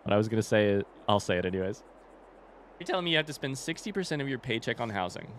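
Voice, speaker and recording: A man's voice: medium pitch, very animated, fast, a little hiss or hum. Chatty young man streaming a game. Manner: chatty, talks to chat, swears casually. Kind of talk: casual live-stream gaming commentary.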